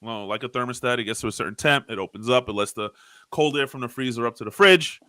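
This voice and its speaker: A man co-hosting a casual podcast, telling animated stories and swearing freely. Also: medium pitch, fast talker, no room sound. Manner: animated storyteller, swears freely, acts out arguments loudly. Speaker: podcast co-host. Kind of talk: casual chat.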